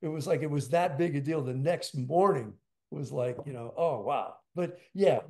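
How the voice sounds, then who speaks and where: An older man, a drummer, telling stories as an interview guest in a rambling, animated way with lots of fillers. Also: on the high side, moderate pace. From United States. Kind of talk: storytelling interview.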